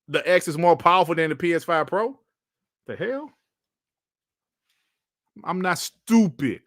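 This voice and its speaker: A man's voice: sits high, very animated, measured pace, long pauses, no room sound, studio quality. A man giving casual, mocking commentary as a streamer, laughing often and swearing while he reads out and answers comments.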